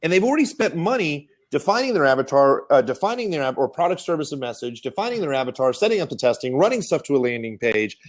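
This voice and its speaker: A man hosting a marketing webinar, telling stories in a lively, animated way and acting out the people he quotes. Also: fast, few pauses. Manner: animated storyteller, acts out quotes in high excited voices. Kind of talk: casual webinar talk. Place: Austin.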